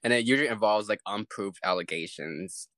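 A woman co-hosting a podcast, chatting casually and reacting with quick quips. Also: a bass voice, a bit bright, no echo. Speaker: podcast co-host. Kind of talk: casual chat.

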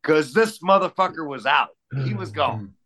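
A man's voice: a little high, animated, moderate pace, fairly bright tone. A man co-hosting a podcast, talking in a casual, emphatic and profane way. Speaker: podcast co-host, former referee.

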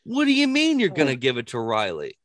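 A man tells stories in casual chat, animated, swearing freely and often breaking into laughter. His voice is mid-range and brisk, with no echo.

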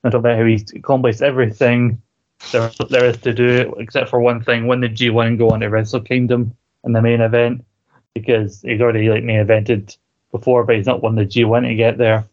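A man's voice: medium pitch, little pitch movement, brisk, a little mellow. A man co-hosting a podcast, chatting casually about wrestling, laughing often and swearing freely. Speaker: podcast co-host. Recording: dull lo-fi recording.

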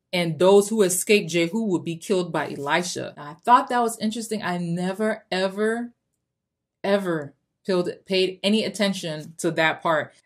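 A woman hosting a Christian motivational podcast, reading a Bible passage with emphasis and breaking off for casual asides. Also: fairly low pitch. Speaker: podcast host.

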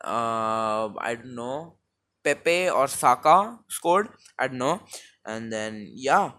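Brief: young Indian man, Indian accent, mid pitch, chatty football recap, lots of fillers, cheap mic. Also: expressive, slow pace, bright, forceful tone. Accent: Indian English. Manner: rambling, many fillers and restarts. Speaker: football vlogger. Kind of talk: casual match recap monologue. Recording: low-quality home mic.

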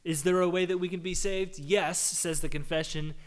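A pastor giving a conversational sermon, his voice hoarse from a cold, posing questions and answering them. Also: sits high, steady tone, normal speed.

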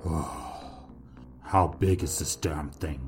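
Guy doing a fed-up soldier, really deep, slow whiny complaining. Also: a little mellow, soft background music. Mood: weary. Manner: grumbling. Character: weary complaining male soldier.

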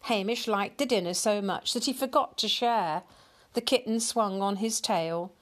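A woman reading a picture storybook aloud in a slow, expressive storyteller manner. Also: medium pitch.

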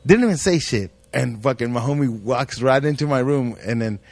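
A man's voice: medium pitch, animated, moderate pace, darkish tone, dry recording. Slangy, profane storytelling man. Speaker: podcast guest. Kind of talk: casual storytelling chat.

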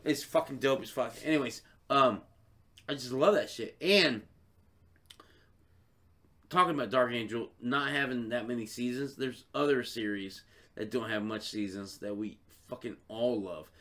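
A man's voice: medium pitch, moderate pace, fairly bright tone. A man co-hosting a podcast in casual chat, swearing freely, laughing often and acting out voices. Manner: profane, laughing, acts out voices. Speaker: podcast co-host.

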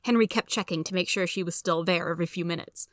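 A woman narrating a children's story aloud in a steady, even storytelling manner. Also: on the low side, quick pace, no echo, studio quality.

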